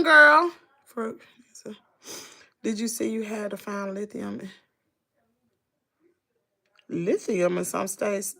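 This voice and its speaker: Southern woman, middle-aged, livestream host, bright voice, gravelly edge, casual folksy chat. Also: fairly high pitch. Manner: chatty, folksy, reads out viewer comments.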